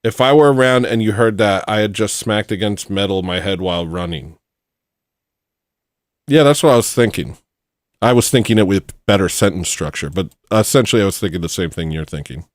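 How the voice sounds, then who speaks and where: A man with a lowish voice hosts a casual livestream, rambling and joking as he reads out viewer donations. The sound is dry and close. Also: a little fast, no echo. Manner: rambling, jokey, reads out super chats. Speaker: livestream host.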